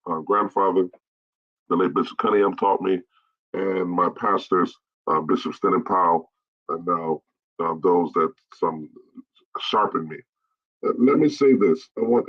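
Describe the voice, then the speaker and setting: A middle-aged bishop delivers a blunt straight-talk message to fellow pastors, hammering his points home by repeating them. His voice is low and husky. The live-stream audio sounds dull and lo-fi.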